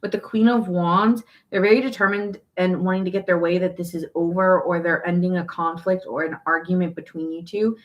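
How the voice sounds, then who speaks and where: A woman's voice: on the low side, fairly even intonation, fairly quick, hardly any pauses, dull audio. Chatty, blunt woman tarot reader. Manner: chatty, emphatic, restarts and repeats phrases; blunt and exasperated, swears in quoted asides. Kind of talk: casual tarot reading to camera.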